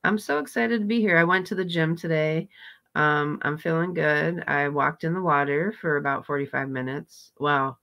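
A woman's voice: low-pitched, gravelly. A woman hosting a live reaction stream, greeting viewers and chatting casually about her day. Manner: warm greetings, laughs at clips, slow and chatty.

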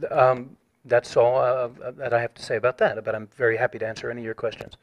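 A man's voice: mid-range voice, flat delivery. A man on a recorded phone call, formally reading out a written complaint and pressing his point. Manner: measured, formal, reads a written statement.

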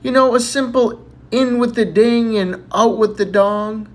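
A man voicing a frank old grandmother in her nineties, speaking slowly and drawn out. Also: very high-pitched, voice pushed up. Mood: wistful.

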